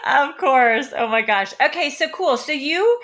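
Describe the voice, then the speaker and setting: A woman's voice: high-pitched, animated, a little slow, a bit bright. A woman from Kansas and Oklahoma hosting a radio talk show, gushing and enthusiastic, repeating phrases and filling gaps with "like" and "you know.". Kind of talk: upbeat radio interview chat.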